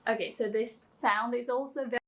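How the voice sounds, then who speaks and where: A woman teaching pronunciation, speaking slowly and carefully and demonstrating sounds for the listener to repeat. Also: fairly high pitch, steady tone, a bit bright. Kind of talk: pronunciation lesson.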